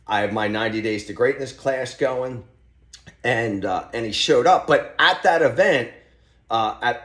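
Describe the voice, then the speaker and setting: A man talking as a podcast guest, telling stories in an animated, motivational way with loose restarts. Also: mid-range voice. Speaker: podcast guest, real estate team leader. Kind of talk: podcast conversation, storytelling. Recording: roomy echo.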